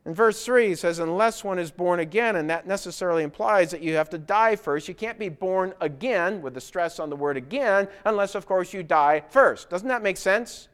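A man's voice: sits high, brisk, hardly any pauses, clean tone. A man preaching a sermon, explaining scripture and pressing his point with emphatic rhetorical questions. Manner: emphatic rhetorical questions, building to loud insistence.

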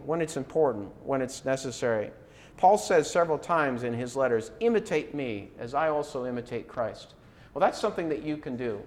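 A middle-aged man, a preacher, delivering a conversational sermon with rhetorical questions and a casual tone. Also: mid-range voice.

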